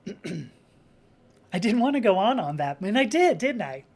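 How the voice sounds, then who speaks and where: A woman hosting a live stream, talking in a rambling, animated way, reading out viewer comments and acting out little quotes as she goes. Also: medium pitch, moderate pace. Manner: rambling, animated, with frequent restarts and acted-out quotes.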